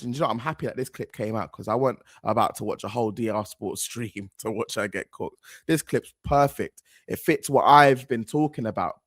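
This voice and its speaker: A man hosts a football reaction video in a casual, rambling way, stacking slang and repeating himself. His pitch jumps up and down a lot as he gets worked up. The sound is close and dry, with no room around it. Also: no room sound. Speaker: football channel host.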